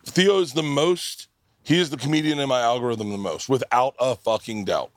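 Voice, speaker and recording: A male comedy podcast host chatting casually with guests on a live festival stage. He tells stories with animated energy and drops swear words freely. His voice sits at an average pitch and comes across dry and close to the mic. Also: normal speed, no echo.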